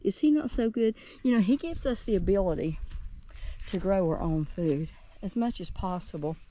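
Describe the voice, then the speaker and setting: A gardening vlogger from West Virginia, USA, leads a chatty, cheerful outdoor tour of her home garden, speaking directly to her viewers. Her voice is medium-pitched with a dark tone.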